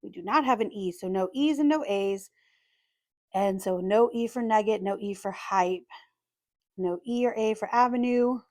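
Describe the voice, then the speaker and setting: A woman calmly narrating as she scratches lottery tickets, methodically spelling out letters one by one. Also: mid-range voice, normal speed, no echo. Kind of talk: calm scratch-and-reveal narration.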